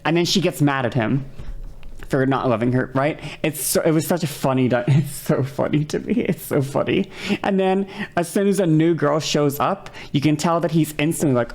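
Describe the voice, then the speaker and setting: A woman streamer chatting casually while she reacts to a video, rambling and cutting herself off, and now and then acting out quoted lines in a higher voice. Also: normal speed, darkish tone. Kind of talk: casual chat.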